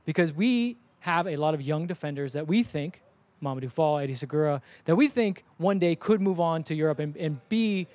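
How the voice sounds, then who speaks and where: A man's voice: on the high side, fairly quick, no room sound. A man co-hosting a casual sports podcast, talking animatedly and acting out what others say. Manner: animated, acts out quoted voices.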